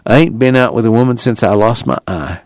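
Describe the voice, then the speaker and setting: A man's voice: fairly low pitch, fairly quick, darkish tone, dry recording, studio quality, close to an everyday voice. A man doing a whiny self-pitying one-eyed drifter. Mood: bitter. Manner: whiny, complaining drawl.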